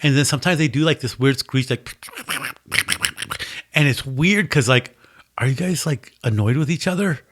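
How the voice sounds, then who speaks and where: A man's voice: mid-range voice, moderate pace, fairly bright tone. A man co-hosting a casual podcast, telling rambling, playful stories. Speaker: podcast co-host. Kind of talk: casual chat.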